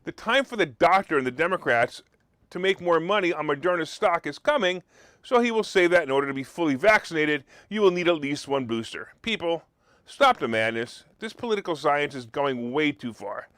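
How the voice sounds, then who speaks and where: A man's voice: a little high, animated, a little fast, fairly bright tone, no echo, studio quality. A man hosting a political talk radio show, talking in sarcastic, mocking rants.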